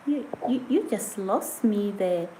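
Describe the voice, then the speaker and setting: A woman's voice: medium pitch, animated, slow pace, mellow, a little hiss or hum, low-quality recording. A woman chatting casually on a live stream, reading viewer comments aloud and often breaking into giggles. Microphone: phone or camera set on a surface.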